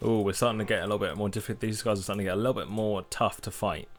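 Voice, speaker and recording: Male let's play host, quick relaxed commentary, low-ish voice, keyboard clicks behind. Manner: relaxed, musing, with self-corrections. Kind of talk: casual gameplay commentary.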